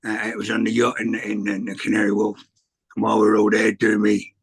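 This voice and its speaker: A man's voice: on the low side, monotone, fast, vocal fry, breathy edge. A man, telling rambling, cheeky anecdotes in a casual chat, acting out what people said. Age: 60s. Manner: rambling anecdotes with swearing and acted quotes. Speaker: guest answering questions.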